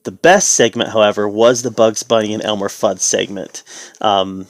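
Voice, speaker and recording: A man giving a casual spoken review, relaxed and conversational, with the odd sarcastic aside. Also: on the low side, normal speed, no room sound.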